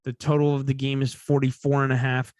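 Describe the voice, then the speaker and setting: A man's voice: medium pitch, monotone, fairly quick, a little mellow, no echo, clean studio sound. A man hosting a casual sports betting podcast, sleepy and yawning, rambling and correcting himself as he talks. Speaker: podcast host.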